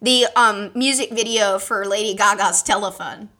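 Bright, giggly woman podcaster. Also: medium pitch, normal speed. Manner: giggly and excitable, many fillers. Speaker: podcast co-host. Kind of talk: casual chat.

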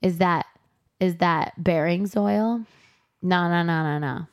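A woman co-hosting a casual recap podcast, chatty and profane, slipping into quick voices for the characters. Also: fairly low pitch. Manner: chatty, swears, acts out characters in quick impressions. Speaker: podcast co-host recapping a TV episode. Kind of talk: casual chat.

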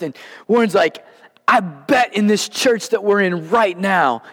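Animated male pastor in a reverberant hall. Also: high-pitched. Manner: animated, acts out quoted dialogue. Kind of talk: storytelling sermon. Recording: long reverb of a large hall.

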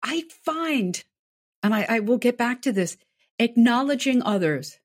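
A woman's voice: a little high, animated, unhurried. A woman hosting a podcast in casual chat, affirming and reflective. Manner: warm and affirming, frequent "mm-hmm".

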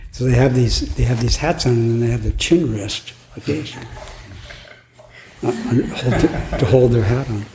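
At a retreat, a male Zen teacher offers a dharma talk, thinking aloud in a playful way and laughing at times. He speaks at medium pitch with a measured pace; the recording has an echoey room and faint noise.

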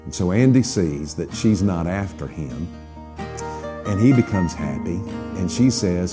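A man preaching a sermon, building to emphatic peaks and dropping to hushed lines. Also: on the low side, very animated, normal speed, music in the background. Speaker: pastor.

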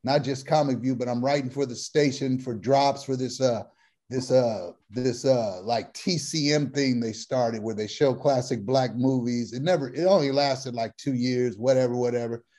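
A man's voice: mid-range voice, moderate pace, warm tone. A man telling a long personal story in casual slang, laughing at his own punchlines as he goes. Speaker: guest comedian telling a life story.

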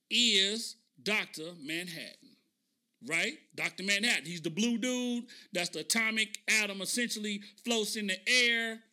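A man hosting a podcast, telling a story in a casual, animated way and often asking listeners "right?". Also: high voice. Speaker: podcast host.

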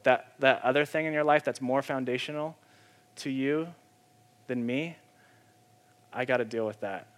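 A male pastor preaching in a loose, conversational way, full of fillers and asides. His voice sits in an ordinary middle pitch. Every so often he punches a point hard and loud before dropping back to a calmer tone. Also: fairly quick. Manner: casual, filler-heavy preaching with sudden emphatic bursts. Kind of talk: conversational sermon.

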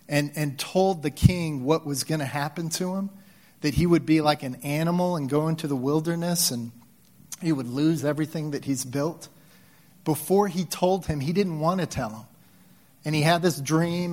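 A man preaching a sermon in a conversational way, with many restarts and with emotional swells in his voice. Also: a little high. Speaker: pastor.

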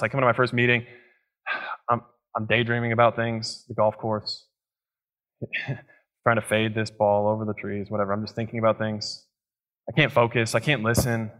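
Young male pastor, mid-range voice, chatty and animated sermon delivery in a church. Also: medium pitch. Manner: conversational, animated storytelling with asides.

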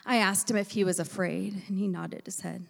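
A woman delivers a sermon from a church sanctuary, her words ringing with long reverb through the hall. Her voice carries a gravelly, creaky texture. She shifts between loud, emphatic lines and soft, breathy near-whispers as she tells a personal story. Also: medium pitch, fairly even intonation, normal speed. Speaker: preacher.

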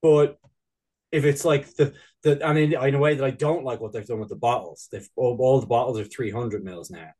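A man's voice: medium pitch, brisk, dark tone, husky, rough recording. A man in casual podcast chat, rambling and laughing, with frequent swearing. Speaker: podcast co-host.

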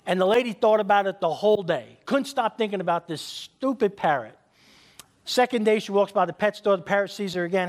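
A man's voice: sits high, brisk. A male pastor preaching an emphatic sermon, leading the congregation to repeat after him. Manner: emphatic, leads congregation in call-and-response; tells jokes as stories.

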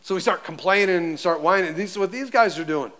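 Male pastor, high voice, lively conversational sermon delivery. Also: fast. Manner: animated, conversational, acts out voices.

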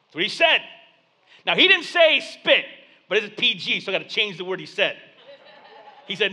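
A man's voice: high voice, very animated, moderate pace, pauses often, bright, forceful tone, breathy edge. A man in his thirties, a pastor, preaching a sermon in a church basement and telling a story in a loose, conversational way.

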